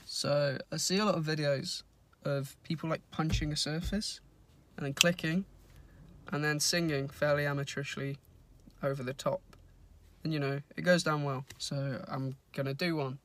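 A social media creator telling dry one-liner jokes in a quiet, deadpan way from inside a car. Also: mid-range voice, moderate pace, a little hiss or hum. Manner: soft-spoken, dry delivery of one-liners.

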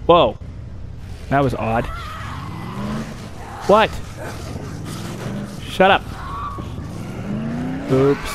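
Brief: young male let's-player, lively pitch, slow drawl, jumpy yelps, noisy game audio under him. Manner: jumpy, talks back at the game, yelps and shouts. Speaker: gameplay commentator. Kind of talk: let's play commentary.

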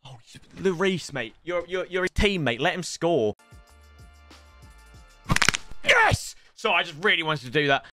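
A young man commentating live on his football video game, excitable and jokey, often shouting at the play. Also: on the high side, normal speed, over music. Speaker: gaming streamer.

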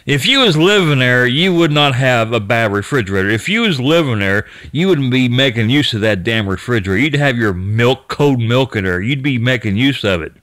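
A man's voice: mid-range voice, animated, brisk, hardly any pauses, fairly bright tone, no room sound. A man casually retelling what another person found in an abandoned store, rambling with restarts and mild cursing. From United States. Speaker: YouTube storyteller.

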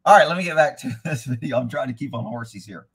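A man's voice: medium pitch, quick pace, breathy edge. A man who trains horses, giving blunt, rambling live commentary over riding footage and swearing freely.

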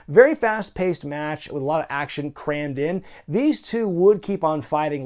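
Man, wrestling review host, wry and excitable, fairly high voice. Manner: wry and excitable, swears freely. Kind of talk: casual recorded review narration.

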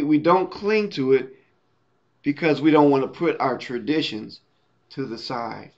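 Male preacher, slightly high voice, casual teaching sermon that checks in with listeners, muffled lo-fi church recording. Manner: conversational, tags points with "right?".

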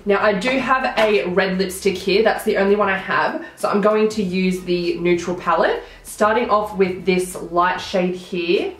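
A woman's voice: medium pitch, unhurried, few pauses, reverberant. A young woman with a blocked nose, chatting through a makeup tutorial as she applies each product. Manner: chatty, narrating each step as she works. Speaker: beauty vlogger.

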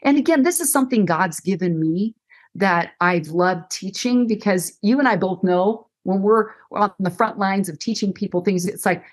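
A woman's voice: fairly low pitch, moderate pace. A middle-aged woman counselor teaching conversationally as a podcast guest, acting out quoted dialogue in shifting voices.

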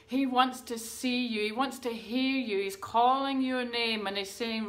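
A woman pastor delivers a rousing sermon at a slow, deliberate pace. Her voice sits somewhat high, and she presses the congregation with earnest questions. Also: steady tone, a bit bright. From New Zealand. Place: church livestream.

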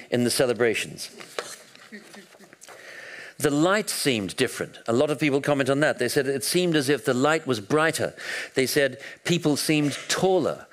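Man telling history with lively restarts. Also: medium pitch. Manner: animated storytelling with frequent restarts and hesitations. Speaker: historian giving a talk. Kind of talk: public lecture, storytelling.

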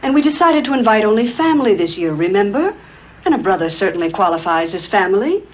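An actress playing an elegant, serene, ghoulish wife in a 1970s TV comedy, speaking in a calm, languid, dryly amorous way. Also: female voice, mid-range voice, quick pace. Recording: dull TV soundtrack with music.

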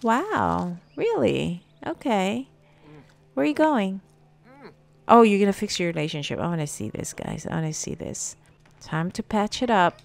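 A woman streamer gives casual gameplay commentary in a mid-range voice with vocal fry, very animated yet unhurried. She talks to her game characters and uses plenty of fillers.

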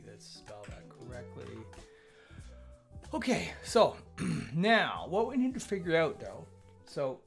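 A man's voice: medium pitch, wildly swooping pitch, takes it slowly, creaky. A man hosting a casual live coding stream, thinking aloud as he works and chatting with viewers as they arrive. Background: chill lo-fi music.

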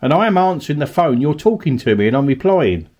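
A paranormal investigator from Kent, England, narrates a nighttime ghost hunt in an abandoned cottage, politely coaxing unseen spirits with questions and pleases. He talks fast and very animatedly, with a darkish tone and pitch that swings widely from high to low.

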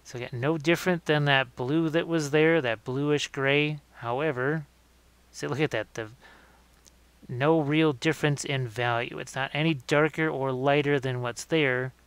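A man giving a live-streamed miniature painting demonstration, relaxed and thinking aloud as he works, often correcting himself mid-sentence. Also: fairly high pitch, unhurried, smooth, no room sound.

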